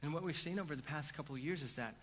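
Bright-voiced man preaching in a hall. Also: on the high side, racing, a little hiss or hum. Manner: animated, conversational preaching with repeated "right?" asides. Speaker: pastor. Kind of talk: sermon. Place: church sanctuary. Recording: hall reverb.

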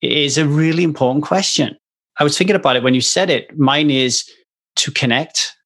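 A man's voice: on the high side, normal speed, a bit bright. A man hosting a podcast, talking frankly and casually, with loose everyday swearing. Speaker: podcast host.

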